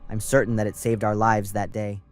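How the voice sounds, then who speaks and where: A young man from California calmly narrating a scripted first-person horror story. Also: lowish voice, a little fast. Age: young adult. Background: faint music.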